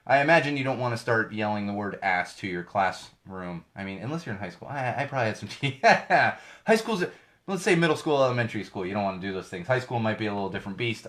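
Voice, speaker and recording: A man's voice: lowish voice, fairly bright tone. A middle-aged man hosting his own podcast from a home studio, giving ranty, digressive solo commentary with lots of emphasis. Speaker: podcast host.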